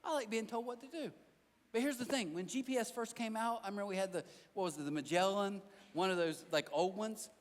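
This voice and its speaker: A man preaching a sermon as a pastor, telling animated stories with self-deprecating jokes and talking directly to the crowd in a church auditorium. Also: sits high, a little fast. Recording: long hall reverb.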